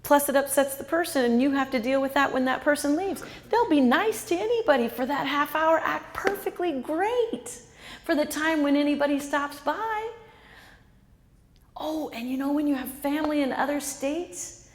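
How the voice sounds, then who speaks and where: Animated woman quizzing a live audience. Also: sits high, normal speed, in a large hall, a little hiss or hum. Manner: animated, quizzes the audience and repeats their answers. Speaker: author and speaker. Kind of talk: interactive talk to a live audience.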